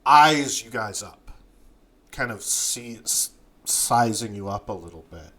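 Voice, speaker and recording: A man narrating a tabletop game as game master, unhurried and full of fillers. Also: fairly low pitch, expressive, pushed and bright.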